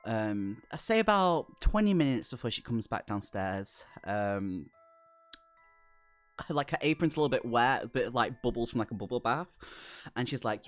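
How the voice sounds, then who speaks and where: A man narrating as game master of a tabletop game, relaxed and rambling with many fillers. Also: medium pitch, normal speed, soft background music.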